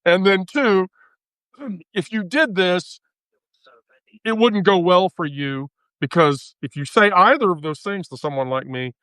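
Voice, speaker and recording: In a relaxed livestream chat, this host tells a crude, cursing story and keeps breaking into laughter. Her lowish voice is animated, slightly bright, and unhurried, with no echo.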